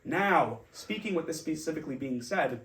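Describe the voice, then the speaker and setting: A man's voice: on the high side, moderate pace. A young man from New Jersey co-hosting a podcast, telling stories in casual chat and acting out the voices of the people in them. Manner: animated storyteller who acts out quoted voices. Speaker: podcast co-host. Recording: roomy, mic a bit distant.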